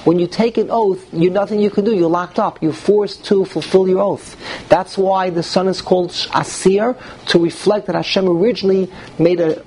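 A man's voice: high-pitched, vocal fry, breathy edge, poor audio. A man teaching a classroom Talmud lecture, emphatic and often restarting, putting questions to his listeners. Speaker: Torah teacher.

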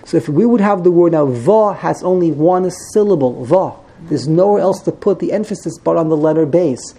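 A man's voice: on the high side, fairly quick, dark tone, husky, poor audio. A man teaching a Torah text class, explaining Hebrew grammar with frequent repetitions and Hebrew terms. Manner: explains grammar patiently, repeats words, mixes in Hebrew terms.

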